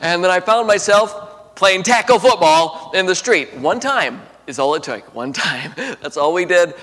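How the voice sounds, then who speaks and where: Man preaching, fairly high voice, animated delivery, loud then hushed, long hall reverb. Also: measured pace. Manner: animated, swings from loud emphasis to hushed storytelling. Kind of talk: sermon to young people. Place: large auditorium.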